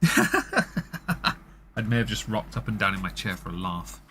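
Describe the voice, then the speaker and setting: A man's voice: fairly low pitch, big pitch swings, unhurried, sharp tone, a little hiss or hum. A man hosting a live stream, making wry, sardonic commentary on video clips.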